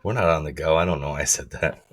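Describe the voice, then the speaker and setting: Man, podcast co-host, very low voice, rough froggy tone, rambling casual chat. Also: fast, loud music behind the voice. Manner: rambling, restarts sentences. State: rough deep froggy voice from feeling unwell.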